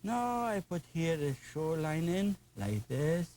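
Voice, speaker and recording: A man's voice: a little high, big pitch swings, a little slow, a little mellow, slight background noise, poor audio. An older man with a German accent, teaching a painting lesson in an enthusiastic, folksy, chatty way with playful asides. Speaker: painting instructor.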